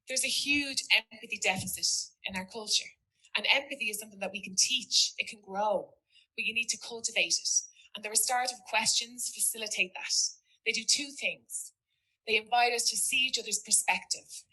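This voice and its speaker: A teacher speaking to an audience, telling a story in an earnest, reflective way. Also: female voice, fairly high pitch, sharp tone, slightly rough, low-quality recording. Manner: earnest, reflective, quotes a student in dialogue. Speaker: teacher giving a talk.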